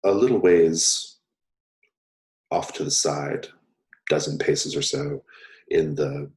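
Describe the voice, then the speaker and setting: Brief: male game master, deep voice, unhurried descriptive narration. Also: lively intonation, creaky, darkish tone.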